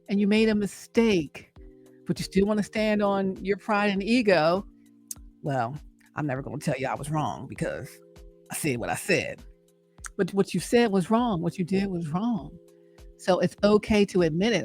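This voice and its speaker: A middle-aged woman giving an encouraging faith talk, repeating her points and checking in with "right?". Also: medium pitch. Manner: preachy and encouraging, repeats phrases, asks "right?". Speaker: host and speaker. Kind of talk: inspirational faith talk to camera.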